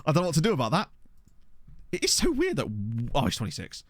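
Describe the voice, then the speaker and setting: Streaming his football management game, a man narrates quickly, reacting out loud to every surprise and talking with his viewers. His pitch jumps around animatedly, and his excitable, chatty commentary is picked up by a desk microphone with a dry, close sound and no room echo.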